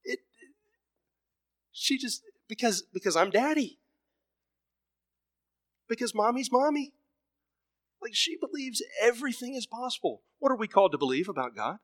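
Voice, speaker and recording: A man in his thirties preaching a sermon, emphatic, repeating words and swinging between loud bursts and soft murmurs. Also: very high voice, big pitch swings, moderate pace, long pauses, dry recording, studio quality.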